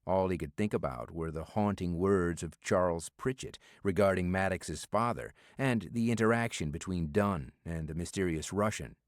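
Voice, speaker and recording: A man narrating a thriller audiobook in a measured storytelling manner, from a studio booth. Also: sits low, no room sound. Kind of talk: scripted narration.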